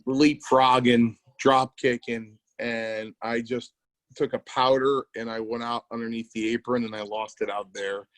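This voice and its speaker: A middle-aged man, once a wrestler, co-hosts a casual storytelling podcast, acting out the lines of people in his rambling tales. He speaks a little slowly at medium pitch with a flat delivery, on a low-quality recording without echo.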